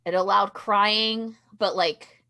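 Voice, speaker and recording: A woman co-hosting a podcast, speaking earnestly and haltingly with many fillers. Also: medium pitch, steady tone, pushed and bright. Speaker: podcast co-host. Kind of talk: casual chat.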